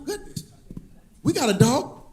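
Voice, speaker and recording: High-voiced, animated stand-up comedian. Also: male voice, fairly quick. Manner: animated storytelling, laughing at his own jokes, sing-song delivery. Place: comedy club stage.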